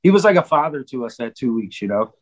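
A man's voice: medium pitch, sing-song, fast talker, muffled recording. A man telling stories in a casual podcast chat, rambling with many fillers and quoted asides. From Cleveland, Ohio. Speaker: guest drummer.

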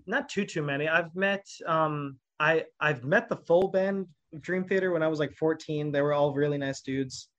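A man guesting on a podcast, telling stories in an animated, rambling way full of fillers. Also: on the high side. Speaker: guest musician. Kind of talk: casual podcast chat.

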